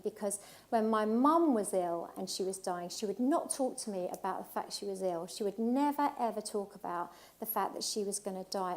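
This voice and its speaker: A woman's voice: medium pitch, darkish tone. A middle-aged woman from England giving an emotional, heartfelt personal talk at a live event, speaking emphatically with repetition.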